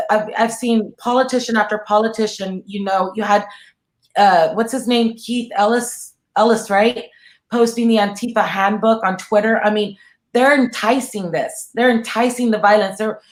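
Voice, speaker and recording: A woman's voice: medium pitch, fairly even intonation, normal speed. Indignant woman in an echoey room. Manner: indignant, pointed. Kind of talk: political webcast discussion.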